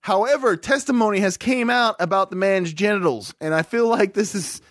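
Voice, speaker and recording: A man with a high voice riffs crudely on a podcast, slipping into quick put-on voices for his jokes. The sound is dry and close, with no room around it. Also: fairly bright tone, no room sound. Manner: crude, joking, acts out voices mid-story. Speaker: podcast co-host. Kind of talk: casual comedic chat.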